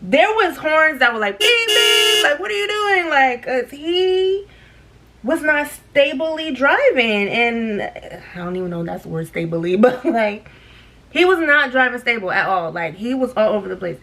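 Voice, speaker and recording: A young woman vlogger telling a story while she does her makeup, animated, laughing often and talking straight to her viewers. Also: high voice, normal speed, noisy background. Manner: animated, laughing, talks to viewers as girl and y'all.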